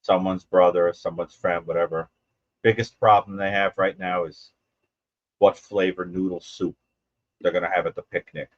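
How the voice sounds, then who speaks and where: A man speaking as a guest on a livestream panel over a video call, in a grave, measured way. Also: sits low, fairly even intonation, dry recording, highs cut off.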